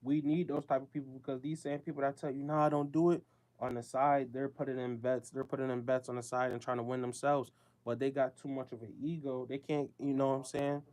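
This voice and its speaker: A man's voice: mid-range voice, flat delivery, brisk, a little mellow. A man hosting a show, talking in a casual, emphatic, slangy monologue with a lot of repetition.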